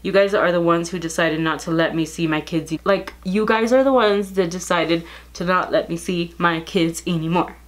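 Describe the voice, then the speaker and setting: A woman's voice: lowish voice, normal speed, hardly any pauses. A woman vlogger telling a storytime in casual gossip, bluntly and with lots of swearing, reading out text messages.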